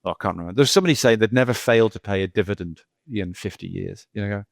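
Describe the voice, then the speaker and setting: A man's voice: fairly low pitch, very fast, vocal fry, no echo. A middle-aged male geologist talking casually as a podcast guest, rambling through anecdotes with lots of repeats and "you know".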